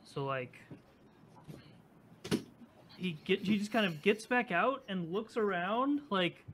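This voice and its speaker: A man with a fairly high voice playing a tabletop role-playing game. He describes his character's moves in a rambling, animated way, full of fillers. Faint noise sits under his voice. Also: normal speed, pauses often. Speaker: player.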